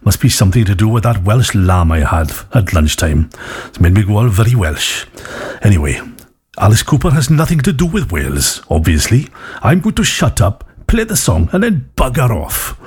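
A man's voice: medium pitch, vocal fry, a little mellow, husky. A man presenting a radio show, rambling in a jokey, self-mocking way.

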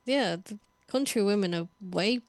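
A woman's voice: medium pitch, unhurried, no echo. A woman co-hosting a radio show, chatting casually, teasing her partner and laughing easily while plugging upcoming shows. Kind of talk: casual chat.

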